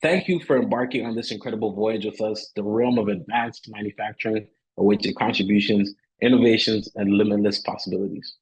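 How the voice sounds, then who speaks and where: Low-voiced male panel host. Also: fairly even intonation, fairly quick, husky, low-quality recording. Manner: casual with fillers, then formal read-out outro. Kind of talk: panel moderation and scripted closing.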